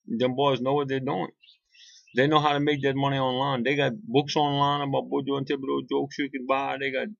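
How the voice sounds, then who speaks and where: A Cajun man from Louisiana tells jokes in a loose, folksy ramble, with plenty of "boy" and restarts. His voice is gravelly and sits at a middle pitch. The sound is dry and a little dull. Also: fairly bright tone, no room sound. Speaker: joke teller. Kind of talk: casual joke storytelling.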